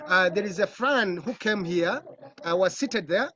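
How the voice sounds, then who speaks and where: A man with a Ugandan accent, a film director, telling lively stories in an interview and acting out other people's voices. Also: high-pitched, unhurried, a crowd in the background. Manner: animated storytelling, acts out voices, laughs often. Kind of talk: casual interview answers. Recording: dull, muffled audio.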